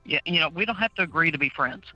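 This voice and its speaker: A woman's voice: deep voice, lively intonation, quick pace, bright, forceful tone, no echo, soft background music. Outspoken woman caller on a phone line. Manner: outspoken, laughs easily. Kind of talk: casual call-in chat. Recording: dull dry phone line.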